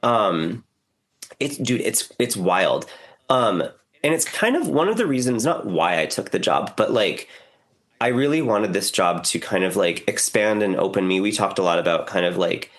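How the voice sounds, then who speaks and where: A young American man co-hosting a podcast, sounding hoarse from a cough and chatting in an animated way. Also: fairly low pitch, normal speed. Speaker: podcast co-host. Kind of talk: casual chat.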